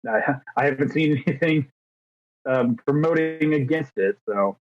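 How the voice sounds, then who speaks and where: This thirty-year-old podcast co-host has a voice on the high side and talks at normal speed, captured with dull, dry lo-fi sound. His casual, rambling chat is self-deprecating, and he acts out little exchanges.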